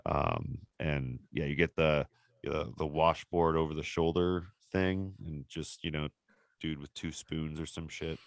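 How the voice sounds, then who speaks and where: Deep, smooth-voiced male podcast host. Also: measured pace, no room sound. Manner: loose, rambling explanations with frequent fillers. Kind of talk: casual podcast chat.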